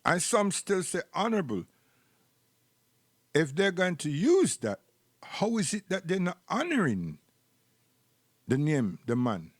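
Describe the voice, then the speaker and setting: Jamaican man, rambling live-stream host, raised pitch, preachy, repeats words, dry sound. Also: no echo.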